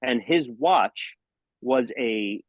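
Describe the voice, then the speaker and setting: A middle-aged man, a magician, telling jokey stories in a podcast interview and acting out scenes with sudden high exclamations. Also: lively intonation, extremely slow, dry recording, dull audio. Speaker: magician and mentalist guest. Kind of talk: animated storytelling in a podcast interview.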